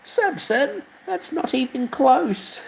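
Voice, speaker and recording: A man voicing a fussy, exasperated male electric toy engine, scolding in a slow, drawn-out way during a livestream impression. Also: very high voice, very animated, vocal fry, slight background noise, pitched above the performer's own voice, exaggerated voice.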